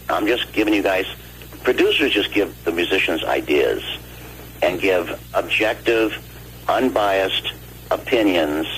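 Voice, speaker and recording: Older guy calling in, deep voice, tells studio stories and acts out the back-and-forth, faint hiss on the line. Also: a little slow. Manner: animated, acts out quoted dialogue. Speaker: guest vocalist and producer. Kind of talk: phone interview storytelling. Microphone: phone line. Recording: phone call with faint noise.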